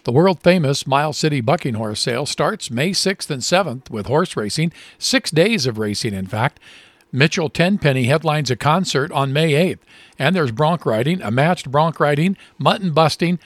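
A man co-hosting a radio show, reading ads and telling a joke with animated delivery. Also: a little high, no room sound. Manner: lively, animated storytelling.

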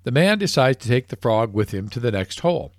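A male radio host spinning a joke with a lively, swooping delivery in a mid-range voice. The sound is close and dry. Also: mid-range voice, a little fast, no echo.

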